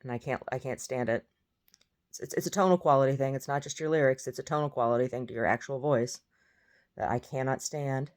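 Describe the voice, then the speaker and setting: A woman's voice: rumbling low, brisk, a little mellow. A woman in a casual monologue from her bed, blunt and opinionated, with a groggy first-thing-in-the-morning voice. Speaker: vlogger. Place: in bed at home.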